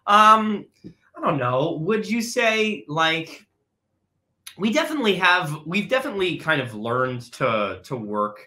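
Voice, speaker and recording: A man's voice: fairly high pitch, big pitch swings, unhurried, pushed and bright. A young man, an actor, talking casually over a video call, rambling with restarts and frequent laughs. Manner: rambling, hesitant, laughs often. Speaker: actor interviewing with his father. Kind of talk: casual conversational interview.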